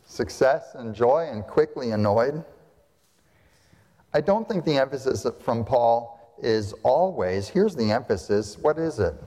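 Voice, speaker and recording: A man's voice: medium pitch, lively intonation, a little slow, mellow. A male pastor delivering a sermon to his congregation, emphatic, with rhetorical questions and repeated phrases. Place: church sanctuary. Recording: long hall reverb.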